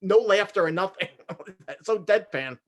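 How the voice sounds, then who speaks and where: A man's voice: high-pitched, lively intonation, a little slow, a bit bright. Hesitant man describing a sketch. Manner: hesitant, full of uh and restarts. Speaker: podcast co-host. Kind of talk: casual comedy chat.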